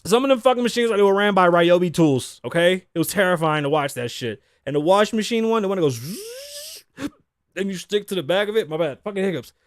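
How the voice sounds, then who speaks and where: A man's voice: sits high, animated, fast, few pauses, no echo, studio quality. A man in his thirties hosting a podcast, talking casually in a rambling, profane way and laughing often. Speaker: podcast host. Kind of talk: casual chat. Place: home studio desk.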